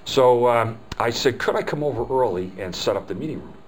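A man's voice: mid-range voice, expressive, a little fast, slight background noise, poor audio. An older man giving a live customer service training talk, telling folksy stories and acting out the quoted dialogue. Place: hotel meeting room.

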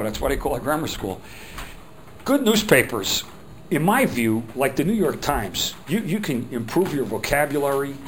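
A man's voice: on the high side, slight background noise, low-quality recording. A middle-aged man teaching a phone skills workshop, talking in a chatty, rambling way and acting out little quotes.

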